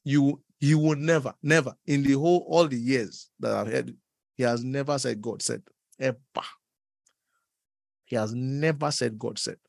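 A man preaching a sermon in an animated, teasing way, laughing often and leaping up in pitch. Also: normal speed, creaky, no echo, studio quality. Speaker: pastor.

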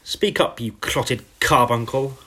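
A man's voice: on the low side, a little fast, fairly bright tone, husky. A man voicing a huge, furious, bullying headmistress who roars every line. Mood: furious roaring. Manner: roaring, bellowing.

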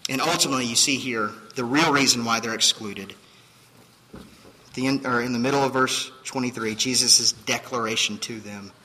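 A man's voice: mid-range voice, moderate pace, sharp tone, big-room sound, a little hiss or hum, low-quality recording. A man preaching a sermon as pastor, emphatic and full of rhetorical questions. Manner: emphatic, rhetorical questions, acts out quoted voices.

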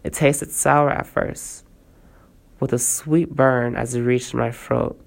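A storyteller reads a first-person tale aloud in a gravelly, mid-pitched voice. The reading stays plain and steady, with casual asides to listeners from time to time. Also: takes it slowly.

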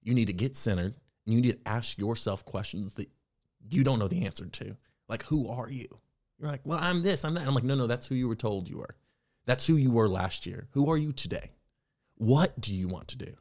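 A young man speaks candidly as an interview guest. His voice sits a bit low. He reflects, then grows animated when he acts out his own past thoughts. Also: fairly quick. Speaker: actor and podcast guest. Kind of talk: conversational interview storytelling.

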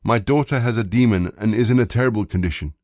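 A man's voice: on the low side, fast talker, darkish tone, dry recording, clean studio sound, close to an everyday voice. A man reading the lines of a desperate mother who begs for help, in a plain voice. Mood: pleading. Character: pleading Canaanite mother.

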